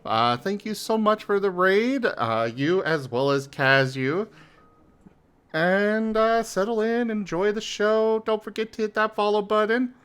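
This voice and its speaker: A man's voice: high-pitched, unhurried, fairly bright tone, clean tone. A young man hosting a live game stream, chatting casually with frequent fillers and laughs. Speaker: streamer host.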